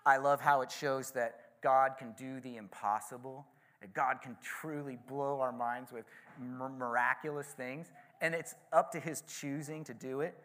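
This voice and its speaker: A pastor giving a sermon, retelling a story casually with frequent asides. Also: male voice, mid-range voice, a bit bright.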